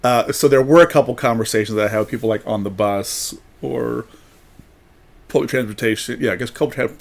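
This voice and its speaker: A podcast host from the United States chats casually in a creaky, mid-range voice, speaking fairly quickly. He tells rambling stories and acts out the people he met, quoting them in different voices.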